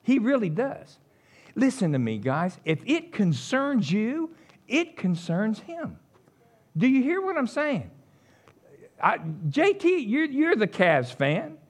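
Animated folksy preacher man. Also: takes it slowly. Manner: animated, folksy, jumps between high exclamations and low asides. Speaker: pastor. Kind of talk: casual conversational sermon.

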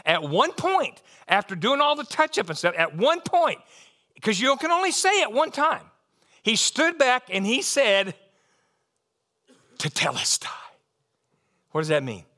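A middle-aged man, preaching a sermon in a folksy, animated storytelling way that climbs into excited bursts. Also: extremely high pitch, normal speed.

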